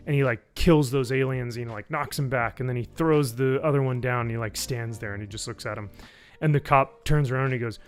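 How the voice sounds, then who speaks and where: A man's voice: mid-range voice, a little fast. A man giving a casual spoken review, rambling and swearing, with lots of fillers. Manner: rambling, profane, with frequent fillers. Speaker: YouTube reviewer.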